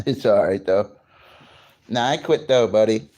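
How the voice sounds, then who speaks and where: A man's voice: on the low side, measured pace, mellow. Laid-back swearing livestream guy. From New Jersey. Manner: laid-back, swears freely, greets chat viewers. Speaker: livestream host. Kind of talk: casual morning livestream chat.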